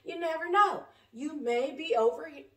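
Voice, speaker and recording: Fervent high-voiced woman preaching, roomy echo. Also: moderate pace. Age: 40s. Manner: fervent, rambling, colloquial, shifting between shouting and soft asides. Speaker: self-styled prophet. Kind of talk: impassioned spontaneous preaching to camera. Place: her home, indoors. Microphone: camera set up at a distance. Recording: echoey room, voice heard from a distance.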